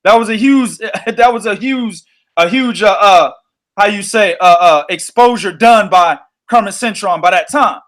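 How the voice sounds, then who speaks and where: A man hosting a boxing podcast, telling stories in an animated, profane way. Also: high-pitched, measured pace. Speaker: podcast host. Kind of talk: casual boxing podcast chat.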